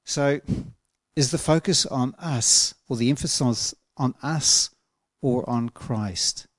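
A man preaching a sermon in an earnest, emphatic way, slowing down to stretch out key words. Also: medium pitch, no echo, studio quality.

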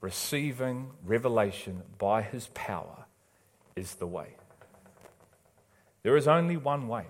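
A man preaching a sermon in a church, passionate and emphatic, swinging between loud urgent calls and quiet pleading. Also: medium pitch, animated, measured pace, pauses often.

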